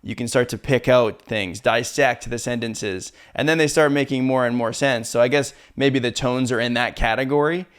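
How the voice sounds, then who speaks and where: Man, podcast host, curious, casual chat, mid pitch, many fillers. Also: moderate pace, hardly any pauses. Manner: curious, asks follow-up questions, filler-heavy. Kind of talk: casual conversation.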